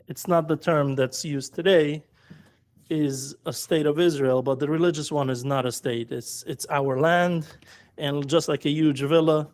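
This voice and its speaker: Male guest, Yiddish accent, slow and deliberate explainer. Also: a little high, a little mellow. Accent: Yiddish-accented English. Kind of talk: measured explanation. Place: live audio chat room.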